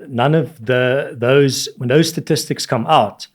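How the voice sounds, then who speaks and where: A man's voice: mid-range voice, unhurried. A man, a guest in an interview, making his points emphatically and dropping his voice to quote others. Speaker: guest, advocacy spokesman. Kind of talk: argumentative interview talk.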